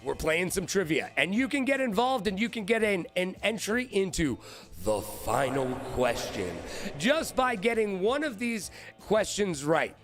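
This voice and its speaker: A man hosting a live-streamed trivia show, hyped and playful, shouting out viewers by name. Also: sits high, sing-song, a little slow, faint music behind.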